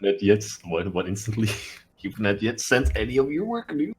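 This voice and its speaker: Low-voiced joking man, swearing. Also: big pitch swings, moderate pace, a little mellow, breathy edge. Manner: jokey, swears casually, laughs often. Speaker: podcast co-host. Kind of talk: casual chat while drawing.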